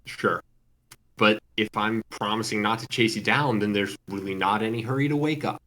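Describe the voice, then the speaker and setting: A man reading as a laid-back, unhurried teen boy. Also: fairly low pitch, fairly even intonation, pushed and bright.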